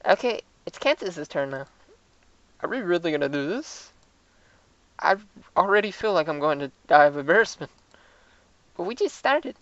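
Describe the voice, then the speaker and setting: Lower-voiced woman reading a visual novel. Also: animated, moderate pace, pauses often, a bit bright, no echo. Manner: self-mocking, stumbles over lines. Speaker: let's-play reader of a visual novel. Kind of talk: reading game dialogue aloud with commentary. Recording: dull lo-fi.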